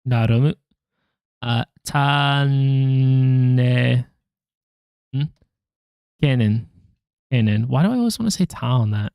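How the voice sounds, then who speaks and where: A young language-learner vlogger talks to himself while drilling flashcards, muttering syllables one at a time and cracking self-deprecating jokes to viewers about his mistakes. His mid-range voice is animated yet slow, creaky and a little mellow, with long pauses, in a dry, studio-quality recording.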